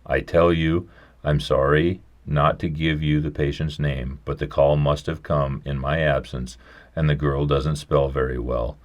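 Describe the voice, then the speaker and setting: A man voicing a stubborn, folksy old country doctor who talks briskly and gruffly in a storybook reading. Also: extremely low pitch, flat delivery.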